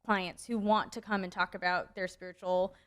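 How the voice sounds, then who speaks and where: A young woman in casual podcast chat who rambles through a story, padding nearly every phrase with "like" and "um." Her voice sits at an ordinary middle pitch for a woman, relaxed and conversational. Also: normal speed. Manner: rambling, many "like" fillers. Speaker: podcast co-host.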